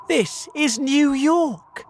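A man voicing an excited young boy in a storybook reading. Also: high-pitched, slow pace, pitched above the performer's own voice, exaggerated voice.

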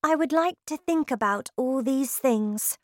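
A woman reading aloud who puts on a clever, bold little girl, speaking with eager, bright questions. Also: sits high, a little slow, no echo, studio quality, voice pushed up. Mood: polite.

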